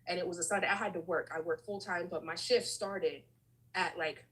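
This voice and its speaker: A woman on a video call telling a story in a casual, animated way, acting out the lines of people in it. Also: on the low side, brisk, breathy edge, rough recording. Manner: animated, acts out dialogue in her stories.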